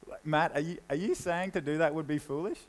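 A young man preaching a sermon in a casual, conversational way, dropping low and quiet when he reads scripture. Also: a little fast, low-quality recording. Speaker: pastor.

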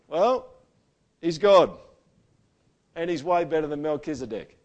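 A man preaching a sermon to a church gathering. He talks conversationally and swings between loud emphasis and quiet, intimate passages. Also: on the high side, animated, unhurried, pauses often, highs cut off. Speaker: pastor.

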